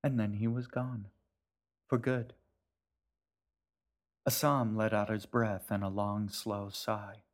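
A man, the author, narrating his own story in a gentle, measured way. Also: lowish voice, flat delivery. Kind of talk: audiobook narration.

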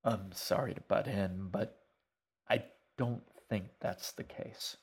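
A man reading a story aloud, voicing a polite middle-aged stranger who speaks gently and a bit formally. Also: on the low side, fairly even intonation, husky, exaggerated voice. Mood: calm. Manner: measured, mildly formal.

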